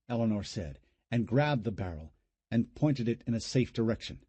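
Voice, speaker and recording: Husky dark-voiced guy reading a horror audiobook, lots of ups and downs. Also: on the low side, normal speed, no echo. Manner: dramatic, expressive reading. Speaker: audiobook narrator. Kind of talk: scripted horror narration.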